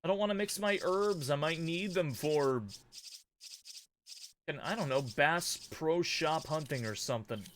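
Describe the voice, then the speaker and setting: A man's voice: fairly high pitch, unhurried, slight background noise. A young man casually commenting and joking while playing a game, exclaiming and humming as he goes.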